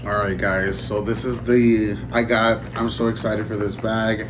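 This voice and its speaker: A man in a casual unboxing vlog who talks in an emotional, halting way, choking up and trailing off. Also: fairly low pitch, little pitch movement, noisy background. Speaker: vlogger. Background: music.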